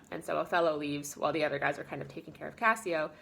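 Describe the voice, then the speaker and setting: A woman teacher talks through a lesson in a relaxed, informal way. She leans on fillers and loosely paraphrases what characters say. Her voice sits a little low for a woman. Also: very fast, vocal fry, few pauses, a little hiss or hum. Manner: chatty and informal, with many fillers, paraphrasing characters in quoted lines. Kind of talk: casual spoken lesson summary.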